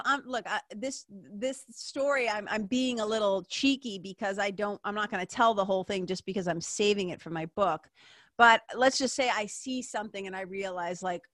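On her podcast, a fifties-aged host from Massachusetts meanders through something that happened to her, peppering it with "like," curse words and frequent laughter. She speaks at a medium pitch in a bright, forward voice, captured in a dry, close recording.

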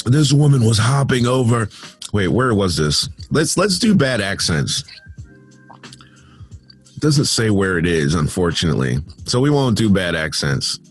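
A man's voice: on the low side, big pitch swings, a little slow, faint music behind. A man hosting a casual news show from his home studio, reading odd stories and breaking off into sarcastic, rambling asides. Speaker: podcast host reading news.

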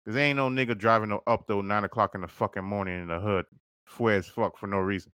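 A man's voice: on the low side, fairly even intonation, fast talker, a bit bright, no echo, clean studio sound. A man hosting a podcast, telling a story casually and profanely, acting out quoted dialogue. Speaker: podcast host.

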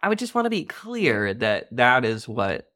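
A podcast co-host in casual chat, wry and joking, quick to agree. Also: mid-range voice, sing-song, sharp tone.

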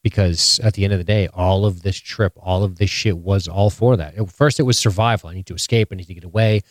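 Animated, profane man chatting on a dry close mic. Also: deep voice, quick pace, no room sound. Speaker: podcast co-host. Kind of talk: casual live-stream show recap chat.

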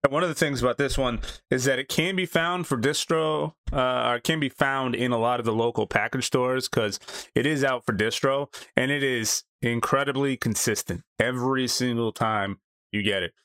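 A man co-hosting a casual beer review podcast, talking in a relaxed, enthusiastic way with some filler words. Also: mid-range voice, normal speed, no room sound, studio quality. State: married. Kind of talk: casual chat.

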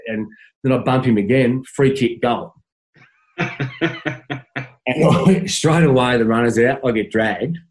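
A man's voice: medium pitch, a little slow, long pauses, poor audio. An Australian man, a former footballer, telling stories in a casual interview, stumbling over restarts and laughing as he goes.

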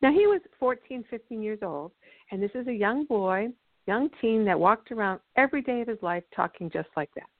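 This woman speaks at normal speed in a rather high, expressive voice, explaining ideas in an earnest, instructive way and dramatizing quotes within her story. There's no room sound; the line is tinny and dry, like a phone.

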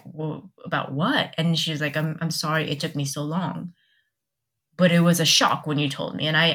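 Low-voiced young woman telling a personal story. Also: fairly bright tone. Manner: candid, halting, many restarts and quoted dialogue. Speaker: podcast guest. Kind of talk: personal storytelling in casual chat.

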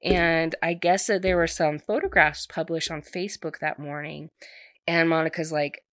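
A woman's voice: low-pitched, fairly even intonation, moderate pace, a bit bright, dry recording, clean studio sound. Chatty young woman recapping a romance novel. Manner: chatty, heavy use of "like". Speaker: book reviewer. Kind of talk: casual book recap.

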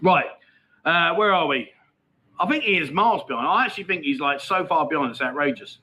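A man's voice: a little high, lively intonation, fairly quick, pushed and bright, rough recording. A middle-aged man hosting a casual livestream, chatting and reading out viewer comments in a matey, laughing way. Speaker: livestream host. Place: Pattaya, outdoors.

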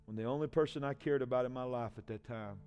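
A man in his forties, a pastor, giving an emotional personal testimony in a sermon, swinging from hushed to loud. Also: medium pitch, fast talker, dull audio, soft background music. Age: 40s.

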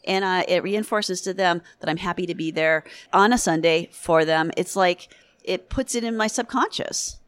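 Woman, veterinarian guest, lowish voice, blunt, candid, dry close sound. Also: normal speed, smooth, no echo. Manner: blunt, candid, swears freely, laughs often. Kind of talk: casual interview chat.

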